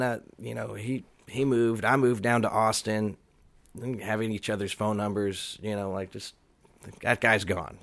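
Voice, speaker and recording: A man's voice: mid-range voice, gravelly, no echo. Rambling man telling a story. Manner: rambling, animated, curses often. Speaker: guest musician. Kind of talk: casual storytelling chat. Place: Austin area.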